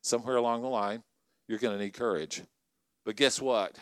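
A middle-aged man preaching a sermon to college ministry leaders, conversational and energetic, often asking the crowd questions. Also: mid-range voice, normal speed, clean tone, no echo. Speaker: pastor.

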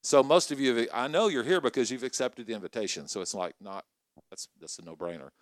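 A middle-aged man preaching a sermon to college ministry leaders, conversational and energetic, often asking the crowd questions. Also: mid-range voice, fast, no room sound. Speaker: pastor.

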